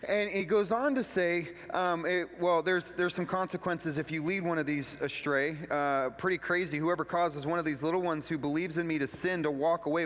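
A man's voice: fairly high pitch, a bit bright, in a large hall. A man pastor delivering a conversational sermon, telling stories with quoted asides and leading a prayer. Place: church sanctuary.

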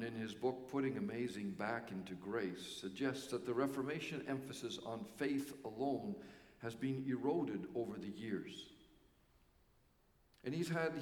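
A man's voice: medium pitch, a little mellow. Man preaching in an echoey hall. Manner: earnest preaching with pauses for emphasis. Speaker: pastor. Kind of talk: sermon. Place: church sanctuary.

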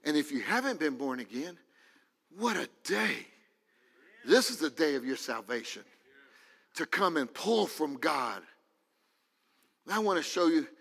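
A fervent male preacher with a high, bright, ringing voice that keeps climbing into shouted peaks. His sermon echoes with the long reverb of a big hall. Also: creaky. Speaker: pastor.

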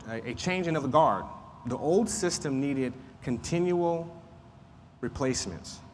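Man, Sunday school teacher, chatty Bible lesson, lingering reverb and faint hiss. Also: medium pitch. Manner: conversational, repeats points, frequent fillers. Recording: faint noise, long room reverb.

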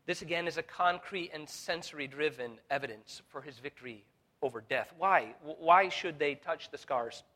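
A man preaches a sermon in a bright, forceful voice pitched a little high. He builds from quiet, searching questions to fervent peaks, and he stumbles over restarts and fillers as he goes. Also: moderate pace. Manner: preaching with rising intensity, voicing Jesus in quotes. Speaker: pastor.

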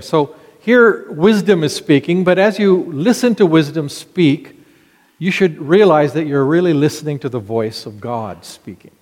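A middle-aged man preaching a sermon, reading scripture slowly and telling a childhood story in an earnest way. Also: fairly high pitch, darkish tone, in a large hall. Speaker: pastor.

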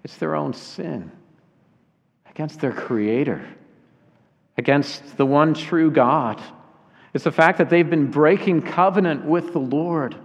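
A man preaching a sermon earnestly, slowing down to weigh key phrases. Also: on the high side, gravelly. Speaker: pastor. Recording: dull sound with long hall reverb.

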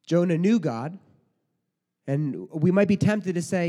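A man's voice: a little high, big pitch swings, a little slow, mellow. A man preaching a sermon in a conversational way, full of rhetorical questions and mock quotes. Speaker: pastor. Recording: long hall reverb.

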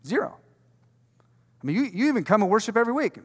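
A man's voice: high voice, sing-song, quick pace, slightly rough. A male pastor preaching a sermon with emphatic rhetorical questions and casual slang. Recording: long reverb from a large hall.

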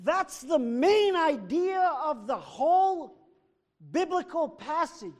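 Man, pastor, sermon, very high voice, slow deliberate delivery, long church reverb. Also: expressive. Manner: emphatic preaching, swings between loud and hushed.

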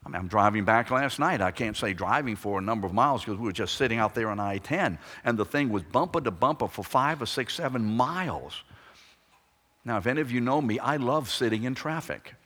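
Preacher in a reverberant hall. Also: male voice, mid-range voice, expressive, fairly quick. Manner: dynamic, swings from loud emphatic to hushed. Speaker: pastor. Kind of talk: sermon.

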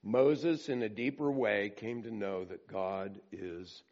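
A man preaching a sermon in a slow, emphatic way and acting out quoted prayers with drama. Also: on the low side, a little mellow, muffled recording. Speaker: pastor.

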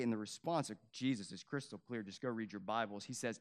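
A young adult man preaching a sermon, swinging from loud emphatic peaks to quiet, low, earnest stretches, with casual asides to the congregation. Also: fast, hardly any pauses. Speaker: pastor.

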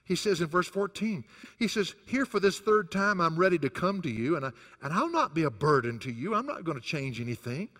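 A male pastor delivers a sermon with a wide, animated pitch range that rises high on his key points. His voice sits a little above average for a man. The sound carries a long reverb, as if from a large sanctuary. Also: fairly quick. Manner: rises and falls sharply for emphasis, chuckles between points.

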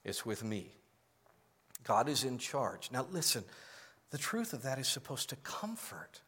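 A man's voice: medium pitch, big pitch swings, normal speed, fairly bright tone, breathy edge. A male pastor preaching a sermon in a conversational, explanatory way, asking the congregation to answer aloud.

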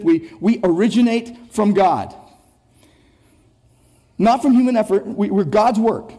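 A man's voice: high voice, a little slow, long pauses, dark tone. A man preaching an expository sermon, emphatic and repetitive, often restarting words and speaking straight to his listeners. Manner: emphatic, repetitive phrasing with frequent word restarts; rhetorical, addresses listeners directly. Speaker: pastor.

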